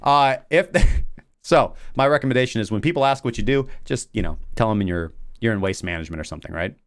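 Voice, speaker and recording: Smooth-voiced rambling crypto host. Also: male voice, fairly low pitch, brisk. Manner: rambling, filler-heavy talk. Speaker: crypto trading show host. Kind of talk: casual market commentary.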